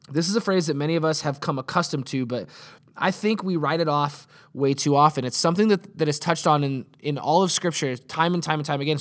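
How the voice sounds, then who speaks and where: A man in his late twenties, a pastor giving a conversational sermon in an earnest way, often restarting and repeating words. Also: fairly high pitch.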